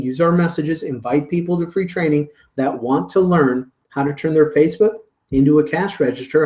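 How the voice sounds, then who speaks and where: Man, marketing trainer, upbeat salesy coaching, higher-pitched voice, roomy echo. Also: darkish tone. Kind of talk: weekly live training webinar.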